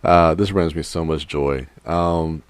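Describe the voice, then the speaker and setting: A man's voice: a bass voice, slow pace, no room sound. A man co-hosting a casual film podcast, talking with enthusiasm. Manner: enthusiastic, lively. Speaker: podcast co-host.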